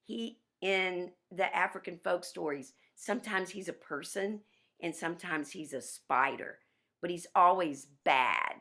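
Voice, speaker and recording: A woman piano teacher giving a workshop over a video call, chatty and animated, with restarts. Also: on the low side, a little slow.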